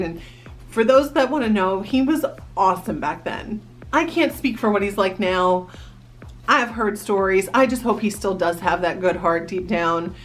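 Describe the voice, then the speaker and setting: A woman in her thirties from New Jersey, a vlogger casually telling a story to the camera and reminiscing in a chatty way. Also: medium pitch. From New Jersey, USA. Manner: chatty, animated reminiscing with quoted voices.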